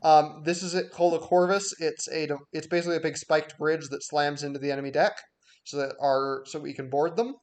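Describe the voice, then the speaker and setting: Game master, male, a bit high-pitched, explanatory and full of ums. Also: fairly even intonation, brisk. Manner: explanatory, with frequent filler words. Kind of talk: explaining a game map to players.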